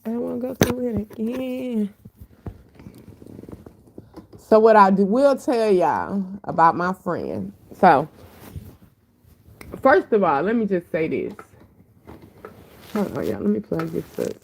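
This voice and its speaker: A woman with a deep voice and a dry throat, talking bluntly and heatedly in a casual livestream chat on her phone. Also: huge pitch swings, slow, creaky, long pauses, a little hiss or hum. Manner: blunt, profane, heated storytelling. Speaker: livestream host.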